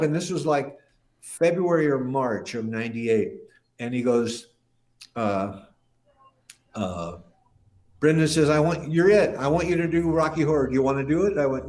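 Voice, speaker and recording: A man's voice: a little high, animated, normal speed, darkish tone. An older man, a musician guest, telling a rambling anecdote in casual talk and acting out the voices of people he quotes. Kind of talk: casual storytelling interview.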